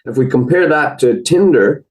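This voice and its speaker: A man with an Irish accent, a podcast guest explaining research in a thoughtful, measured way with frequent fillers. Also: a little high, expressive, a little mellow, poor audio. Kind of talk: conversational explanation.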